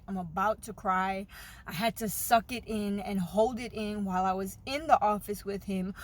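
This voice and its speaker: A woman talking openly and earnestly in a personal vlog, retelling a doctor's visit with feeling. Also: medium pitch. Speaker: vlogger sharing a fertility journey.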